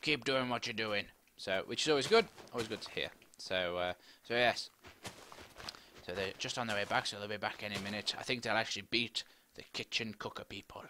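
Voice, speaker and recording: A middle-aged man with a fairly low, slightly quick voice rambles and chats while playing a game, now and then breaking into excited squeals. He's a gaming commentator doing a casual let's-play, recorded on a desk microphone with a face cam, and there's a faint hiss or hum in the audio.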